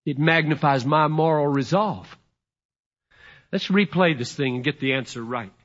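A middle-aged man preaching a sermon in an emphatic storytelling way, swinging from loud to hushed. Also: a little high, normal speed. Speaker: pastor. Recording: dull lo-fi sermon recording.

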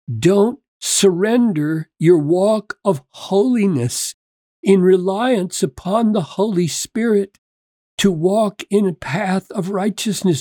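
Slow, mellow-voiced earnest preacher. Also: mid-range voice, dry recording, studio quality. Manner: earnest, emphatic preaching with rhetorical questions; reads scripture aloud and explains it point by point. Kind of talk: sermon.

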